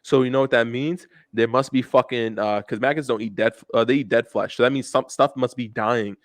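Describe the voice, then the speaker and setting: A man's voice: medium pitch, steady tone, brisk, no room sound. A young man co-hosting a podcast, telling rambling, profane stories in casual chat and calling everyone "bro". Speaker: podcast co-host.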